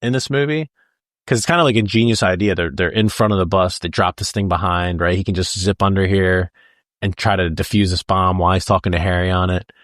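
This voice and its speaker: Laughing low-voiced man chatting about movies. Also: steady tone, a little fast, fairly bright tone, no room sound, clean studio sound. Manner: laughs often, jumps into quoted lines. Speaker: podcast co-host. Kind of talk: casual film discussion.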